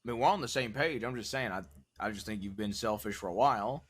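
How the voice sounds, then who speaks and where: A man's voice: lowish voice, fast. A man roleplaying in a western game, arguing his point and teasing his friends in casual in-character chat. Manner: argumentative, teasing.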